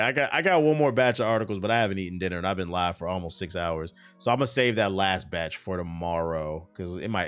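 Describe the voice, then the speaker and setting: Reacting to the news on a live stream, a man delivers animated, swear-filled, laid-back commentary. His voice is fairly low and somewhat tired.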